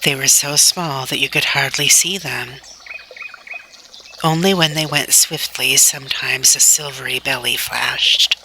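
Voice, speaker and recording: Lady reading a kids chapter book real slow and gentle, kinda gravelly but very bright voice. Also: very deep voice, slight background noise. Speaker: storybook reader. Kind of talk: reading a children's novel aloud.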